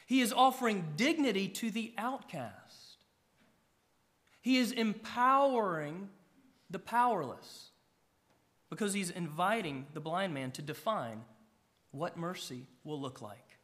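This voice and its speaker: A middle-aged pastor, preaching a sermon, with emphatic rises and soft drops. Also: male voice, high voice, expressive, takes it slowly.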